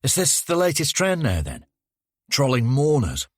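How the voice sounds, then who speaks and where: A man voicing a haunted male detective who speaks in a low, close and dryly sardonic way. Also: huge pitch swings, measured pace, dry recording. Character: haunted adult male detective, wry and calm.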